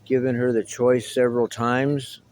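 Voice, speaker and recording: A man's voice: medium pitch, flat delivery, moderate pace, darkish tone, rough recording. A middle-aged man talking casually to the camera in a meandering, reminiscing way, with wry asides. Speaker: vlogger. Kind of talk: casual rambling monologue to camera.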